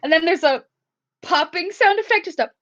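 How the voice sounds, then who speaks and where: A woman narrates her character in a casual roleplay game, rambling and giggling as she goes. Her voice is high and swoops widely. The recording is dull and lo-fi. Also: lively intonation, moderate pace, fairly bright tone. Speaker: tabletop roleplay player.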